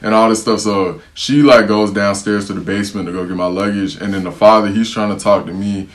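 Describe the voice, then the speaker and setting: A young man with an American accent and a very deep, low voice tells a story straight to the camera. He talks casually and uses a lot of slang, and he acts out the lines of the people in the story. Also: brisk. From United States. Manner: animated, slangy, acts out what others said. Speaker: vlogger telling a travel story.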